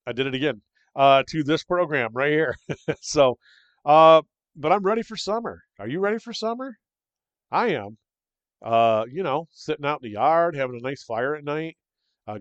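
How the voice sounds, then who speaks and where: An older man from Michigan, USA, hosts his own podcast as a casual solo monologue, rambling in a friendly way with lots of fillers and restarts. His voice is medium-pitched and smooth. The close-mic recording is dry and slightly dull, with no echo.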